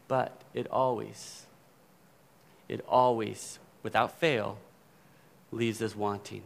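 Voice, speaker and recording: A man's voice: mid-range voice, gravelly, a bit bright. A man preaching a sermon in a conversational way, often checking in with the congregation. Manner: conversational preaching, frequent "right?" asides. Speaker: pastor.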